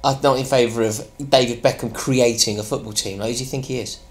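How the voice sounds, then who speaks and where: A man guest on a football podcast, animated and prone to stammered restarts. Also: medium pitch, fast. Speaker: podcast guest, fan channel presenter. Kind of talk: casual football podcast chat.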